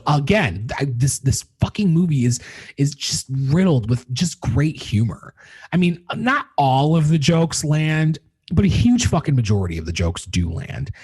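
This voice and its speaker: A man's voice: fairly high pitch, very animated, unhurried, a little mellow, breathy edge. A man hosting a podcast, ranting through a casual movie review, swearing a lot, rambling with fillers and laughing often. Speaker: podcast host.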